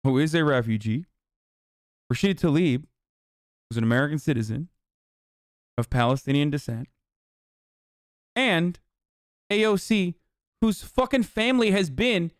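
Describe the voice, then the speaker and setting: A man's voice: sits high, big pitch swings, moderate pace, long pauses, smooth, no room sound, clean studio sound. Angry profane man ranting on stream. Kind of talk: heated political commentary.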